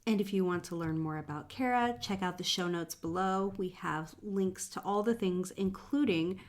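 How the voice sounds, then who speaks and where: Woman, podcast host, lower voice, upbeat, promotional. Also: moderate pace.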